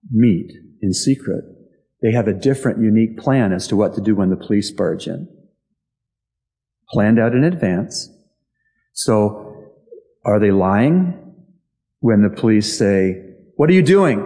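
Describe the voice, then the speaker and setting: Pastor guy, kinda low mellow voice, chatty sermon, lots of uhs. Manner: conversational storytelling with filler pauses. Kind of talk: sermon answering congregation questions. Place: church.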